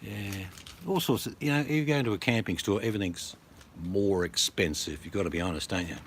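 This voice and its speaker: A man's voice: fairly low pitch, a little fast, a little hiss or hum. A middle-aged Australian man vlogging in a blunt, joking, rambling way. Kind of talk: casual to-camera chat.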